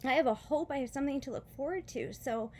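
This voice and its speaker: In a high, quick, slightly mellow voice, a vlogger who is a mother shares a casual testimony of her faith after foot surgery. She's in pain but earnest and chatty, with lots of fillers and short laughs. There's a little hiss or hum.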